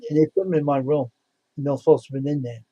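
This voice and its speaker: A man's voice: a little high, steady tone, racing, dark tone, husky, lo-fi sound. A man chatting casually on a live stream. He tells blunt, rambling stories and repeats himself. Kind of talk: casual chat.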